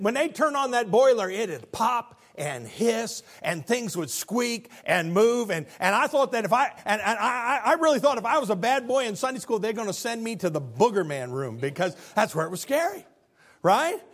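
Lively, high-pitched male preacher. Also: normal speed. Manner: animated storytelling with stammered restarts. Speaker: pastor. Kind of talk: sermon.

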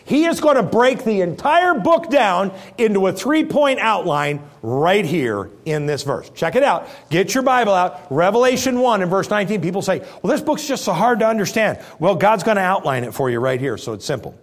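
A man preaching a sermon as pastor, telling stories with sudden swings from loud to hushed. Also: high voice, very animated, moderate pace.

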